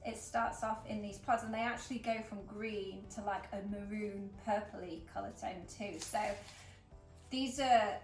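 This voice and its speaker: An English florist hosts a casual flower-arranging demonstration, her medium-pitched voice fairly even and her pace measured. She's chatty and upbeat with plenty of fillers, recorded from a distance in a roomy, echoey space with faint background music.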